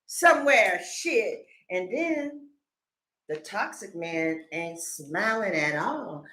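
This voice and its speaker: A woman doing a casual tarot reading to camera, animated and joking, laughing often and slipping into comic voices. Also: lowish voice, takes it slowly, roomy sound. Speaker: tarot reader.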